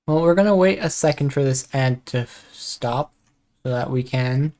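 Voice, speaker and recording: A woman's voice: extremely low pitch, normal speed, mellow. A woman streamer talking casually on a live stream, reading out an introduction and then chatting, easily distracted. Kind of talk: live-stream chat and commentary.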